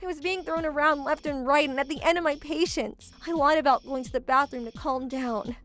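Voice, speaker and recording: A woman narrating a first-person animated story as its lead, with an exasperated, sarcastic inner-monologue manner. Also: sits high, a little fast.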